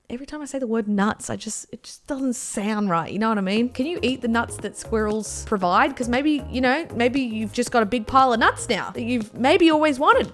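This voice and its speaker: A young woman talks through pictures in a playful comic commentary, her voice sitting a little high. She throws in exaggerated outbursts and jokey asides. Faint music plays quietly underneath. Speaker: YouTuber reacting to pictures.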